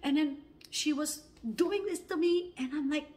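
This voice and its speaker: A woman's voice: high voice, moderate pace, a little mellow. Woman, audition self-tape, chatty anecdote, acts out the quotes, filler-heavy. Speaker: actor auditioning. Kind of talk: casual storytelling to camera.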